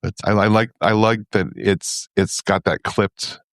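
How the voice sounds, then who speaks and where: A man co-hosting a podcast in casual chat, thoughtful and measured. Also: on the low side, little pitch movement, no echo, studio quality. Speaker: podcast co-host.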